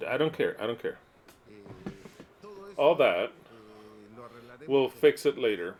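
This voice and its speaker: A man's voice: medium pitch, lively intonation, takes it slowly, darkish tone. A man preaching to his listeners in an earnest teaching style, repeating his points and reading aloud and explaining them.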